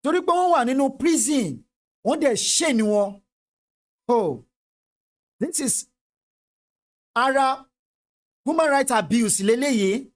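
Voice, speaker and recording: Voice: high-pitched, lively intonation, takes it slowly, long pauses. A Nigerian speaker with a Yoruba-tinged accent giving impassioned political commentary, fervent and repetitive. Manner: fervent, repetitive, switches between English and Yoruba.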